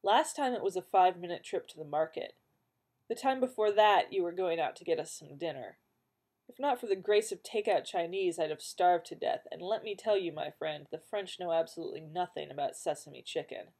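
A woman's voice: on the low side, brisk, darkish tone. A woman reading a wry, needling male companion. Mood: teasing. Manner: dry and teasing, then firm. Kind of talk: audiobook character reading.

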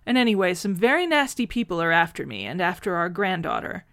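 A woman voicing a brisk, affectionate time-travelling woman who talks quickly and fondly. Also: lowish voice, very animated, creaky, fairly bright tone, no echo, studio quality, heavily acted. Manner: brisk and fond.

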